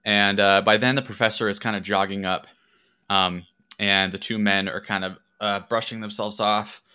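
A man's voice: fairly low pitch, fairly even intonation, normal speed, bright, forceful tone, clear, resonant tone. A man narrating as game master, hesitant and full of filler words. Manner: hesitant, full of ums and likes.

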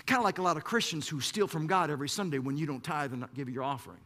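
High, bright-voiced pastor preaching with fire. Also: male voice, racing. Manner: lively, repeats words when fired up, mock-quotes the congregation. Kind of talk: sermon.

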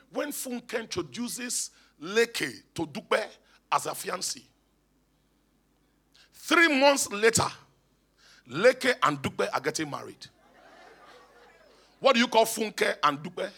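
A man's voice: high-pitched, big pitch swings, a little slow, gravelly, pauses often, bright, forceful tone, breathy edge. A man, a bishop preaching emphatically in church and calling on the congregation to respond. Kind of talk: sermon. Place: church hall.

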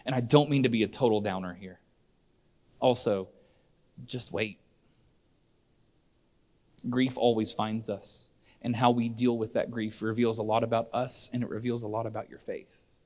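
A man's voice: fairly low pitch, fairly even intonation, normal speed, pauses often, a little mellow. Earnest man preaching a sermon. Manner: earnest, conversational preaching with many restarts. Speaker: pastor. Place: church.

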